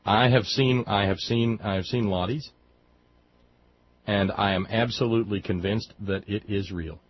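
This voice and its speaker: A man hosting a radio show, talking in a halting, repetitive way with dry humor. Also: fairly low pitch, steady tone, husky, lo-fi sound. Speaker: radio host. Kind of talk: casual chat.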